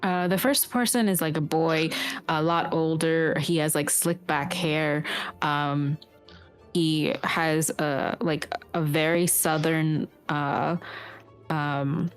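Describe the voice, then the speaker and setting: A woman runs a tabletop game session and narrates scenes in a low voice. She rambles and hesitates, with many fillers between her descriptions. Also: fairly even intonation, slow pace, clean tone, soft background music. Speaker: game master.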